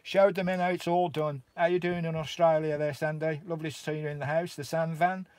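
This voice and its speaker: A man's voice: a little high, flat delivery, brisk, a little mellow, no echo. Chatty Welsh man, dry close sound. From Wales. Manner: chatty and matey, calls viewers mate and bro. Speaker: vlogger hosting a live stream. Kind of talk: casual live-stream chat, greeting viewers. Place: inside his camper van in a remote valley.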